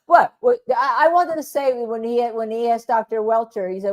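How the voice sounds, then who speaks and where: A woman's voice: on the high side, lively intonation, moderate pace. A woman host and attorney in casual chat, chatty with jokey asides.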